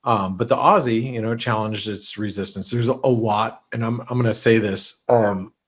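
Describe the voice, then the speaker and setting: A man hosts an unscripted market webinar, speaking loosely with lots of fillers and restarts, a bit congested and sneezy from allergies. His voice is lowish with a breathy edge, fairly even intonation and a moderate pace.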